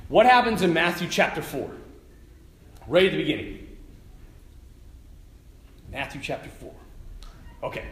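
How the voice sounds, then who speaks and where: A middle-aged man giving a lively faith talk to a live audience, telling stories and tossing asides to the listeners. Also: fairly high pitch, a little slow, pauses often. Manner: animated storytelling with asides to the audience. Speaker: Catholic speaker. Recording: echoey hall with faint ambience.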